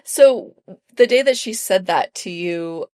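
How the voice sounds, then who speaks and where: A woman's voice: medium pitch, lively intonation, slow pace, a little mellow, no echo, clean studio sound. A woman in her thirties hosting an interview, asking questions in an encouraging, affirming way. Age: 30s. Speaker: interview host, sober coach.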